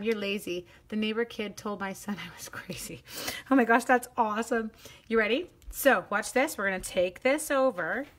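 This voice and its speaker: A woman's voice: a little high, fairly bright tone, slight background noise. Giddy, chatty woman crafter. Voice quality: sings little la-la runs between steps. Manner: giddy, self-teasing, chatty with viewers. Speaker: card-making demonstrator. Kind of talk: live crafting demo chat.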